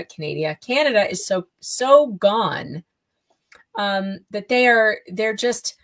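A woman's voice: mid-range voice, low-quality recording. A woman guest on a podcast interview, a writer, speaking in an indignant, emphatic way.

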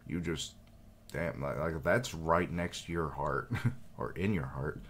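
A man's voice: rumbling low, a little slow, slight background noise. A man doing live reaction commentary, reading lines aloud and joking in a casual, profane way. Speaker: manga reaction streamer.

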